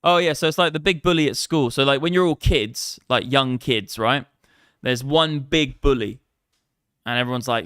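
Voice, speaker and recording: A man's voice: medium pitch, normal speed, a bit bright, clear, resonant tone, no room sound, studio quality. A man hosting a crypto trading livestream, rambling casually and swearing freely. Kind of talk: live trading commentary.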